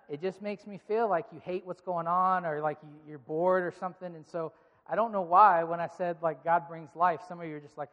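A man's voice: on the high side, dull audio. A man preaching a sermon to a live congregation, playfully coaxing them to clap and repeat phrases back. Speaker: pastor. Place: large church auditorium with a live congregation. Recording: long reverb of a large hall.

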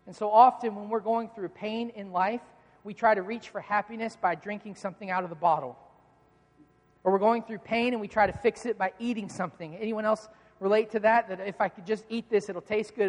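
Earnest preacher in a reverberant hall. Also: medium pitch. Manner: asks rhetorical questions and answers them; earnest, repeating key lines for emphasis. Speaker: pastor. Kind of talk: sermon.

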